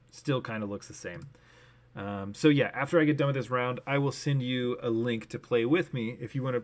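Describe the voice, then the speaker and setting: Casual man streaming, thinking aloud. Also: medium pitch. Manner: thinking aloud, mixing English and learner Japanese. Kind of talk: casual live-stream commentary.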